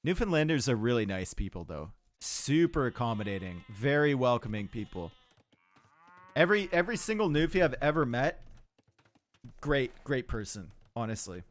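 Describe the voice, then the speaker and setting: Speaking with a Canadian accent at a moderate pace, this medium-pitched man sounds very animated. He's casting a strategy game match live, upbeat and chatty, and replying to people in his chat.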